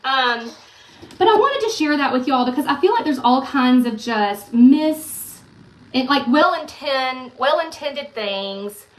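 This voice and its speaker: A woman talks candidly in a casual confessional vlog, in a voice pitched a touch high. She sits back from the mic, and the room rings around her words. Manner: candid, frank, earnest. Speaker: online content creator. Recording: roomy, some distance from the mic.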